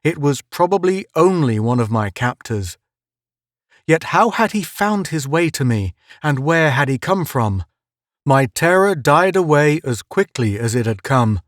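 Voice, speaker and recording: Man, audiobook narrator, measured dramatic reading, dry close recording. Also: medium pitch, no room sound. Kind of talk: scripted first-person narration.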